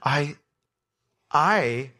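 A middle-aged man teaching through a Bible book as pastor, swinging from soft asides to emphatic points. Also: fairly high pitch, expressive, extremely slow.

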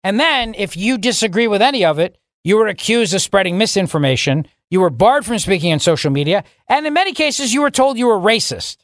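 A man hosting a political talk radio show, delivering a sarcastic, mocking monologue with sudden jumps in pitch for emphasis. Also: very animated, brisk, hardly any pauses, a bit bright, no room sound, clean studio sound.

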